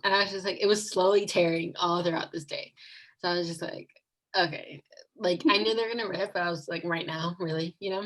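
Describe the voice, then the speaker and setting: A woman's voice: lowish voice, fairly even intonation, brisk, fairly bright tone, low-quality recording. A young woman telling a rambling storytime over a video call, packed with "like" and giggles. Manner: rambling, fillers like "like" a lot, giggly. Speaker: vlogger. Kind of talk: casual storytime.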